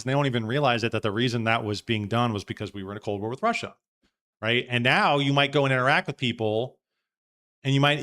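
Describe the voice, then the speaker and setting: A man's voice: medium pitch, a bit bright. A man hosting a live podcast, thinking aloud in a casual, rambling way with frequent restarts. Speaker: podcast host. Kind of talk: casual live-stream commentary.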